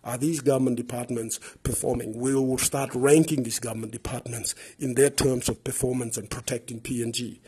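A man's voice: medium pitch, steady tone, brisk, few pauses, dark tone, slightly rough. A man from Papua New Guinea with a Papua New Guinean English accent, hosting a podcast and speaking in an earnest, impassioned way, repeating words and building up lists. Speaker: podcast host. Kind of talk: earnest advocacy podcast monologue.

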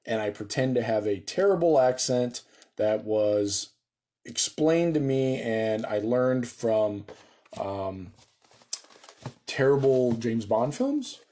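An American man talking casually through a solo tabletop game, excited, joking and swearing freely. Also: mid-range voice, slow pace. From United States.

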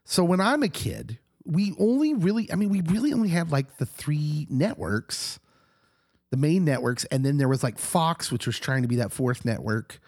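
A middle-aged man who co-hosts a podcast, talking casually while hoarse and husky from a recent illness, animated and laughing often. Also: on the high side, moderate pace, no echo, clean studio sound. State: hoarse, getting over an illness. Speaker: podcast co-host, pastor.

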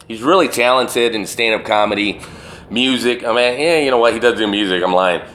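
A man's voice: medium pitch, a little fast, fairly bright tone, slight background noise. A man hosting a solo podcast, talking in a rambling, profane and emphatic way. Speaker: podcast host. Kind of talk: casual solo podcast rant.

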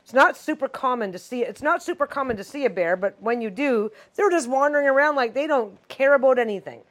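A woman with a Canadian accent, co-hosting a casual podcast and calmly explaining facts about local animals. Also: sits high, brisk. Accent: Canadian English. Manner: explains facts in a relaxed, informative way. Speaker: podcast co-host. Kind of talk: casual chat.

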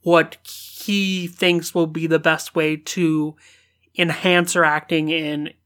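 A podcast co-host in a relaxed casual chat, using frequent fillers. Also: mid-range voice, takes it slowly.

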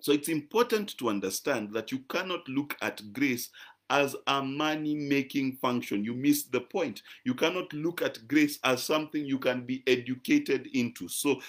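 A man teaches his listeners in a croaky, mid-pitched voice. He talks in a chatty way, stresses key words and keeps checking that they follow him. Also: moderate pace. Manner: conversational and emphatic, frequent "right?" checks and repeated words. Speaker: preacher. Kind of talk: teaching sermon to a live-stream audience.

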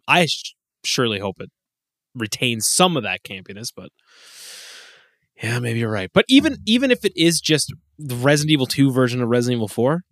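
Man, casual podcast chat, lively swinging pitch, dry close sound, laughs a lot. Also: dry recording. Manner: laughing, swearing, animated. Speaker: podcast co-host.

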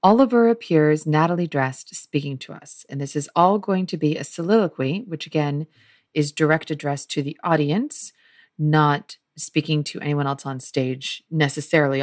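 A woman's voice: sits low, dry recording, studio quality. A woman teaching about verse drama, explaining as she thinks aloud. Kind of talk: lesson on play scripts.

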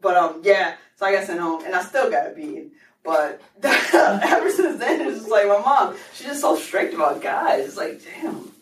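A young woman hosts a casual podcast chat, her voice swinging widely in pitch as she laughs and acts out the people in her stories. She sits some way back from the microphone in a roomy, echoing space. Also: normal speed. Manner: animated, laughing, acts out quotes. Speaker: podcast host. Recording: echoey room, distant mic.

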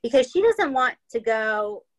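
This podcast host has a voice on the high side with big pitch swings, and she takes her time. On a low-quality recording, she chats her way through a true-crime story, cursing plenty and repeatedly asking "right?" or "okay?".

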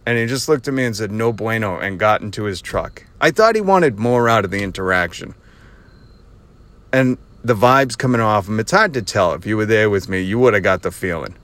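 A man's voice: lowish voice, lively intonation, fairly quick, a bit bright, no echo. Laughing sarcastic man telling a story. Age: adult with children. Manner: sarcastic, laughs often at his own story. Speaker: podcast host. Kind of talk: casual storytelling monologue. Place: driving in a car.

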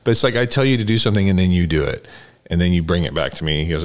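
Animated low-voiced podcast host man. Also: racing. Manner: animated storyteller, acts out quoted dialogue. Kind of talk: casual conversation.

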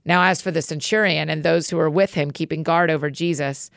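Low gravelly woman reading scripture. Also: dry recording, studio quality. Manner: measured, steady reading. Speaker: Bible reader.

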